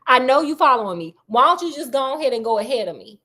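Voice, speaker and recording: A woman voicing an impatient, dismissive male doctor who talks fast in casual slang. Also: sits high, big pitch swings, bright, forceful tone, exaggerated voice. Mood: taunting.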